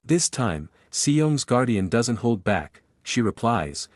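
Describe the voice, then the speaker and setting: A man narrating a comic recap in a flat, steady reading voice. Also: medium pitch, measured pace, few pauses, dry recording, studio quality.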